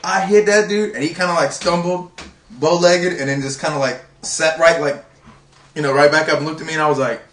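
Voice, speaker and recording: A man who bounced at a club excitedly tells a casual story. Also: on the high side, brisk, slight background noise. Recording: echoey room, mic at a distance.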